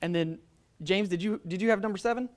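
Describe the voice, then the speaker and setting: A man's voice: high voice, quick pace. A man moderating an adult church class, talking conversationally with many fillers and restarts and quizzing the group. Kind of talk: adult Sunday school class teaching.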